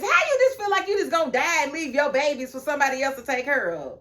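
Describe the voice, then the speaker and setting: A woman records a casual video review of a TV episode. She talks emphatically and laughs often, then slips into a low, confiding tone. Her voice sits a little higher than most. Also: fast, hardly any pauses. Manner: emphatic and animated, with frequent laughs; chatty, drops into a low, confiding tone.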